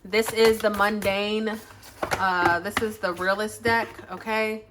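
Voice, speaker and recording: A woman's voice: mid-range voice, fairly even intonation, slow, heavy background noise. A woman giving a casual tarot reading into her phone, chatty, blunt and slangy, with lots of profanity. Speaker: tarot reader. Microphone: phone, face off camera.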